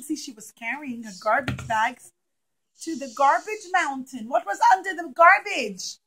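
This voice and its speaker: A woman with a high, bright voice tells a story to a class of young children. She is animated, acting out the characters with gasps, exclamations and whispers, and talks back and forth with the kids. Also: unhurried, poor audio. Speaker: teacher telling a story to children.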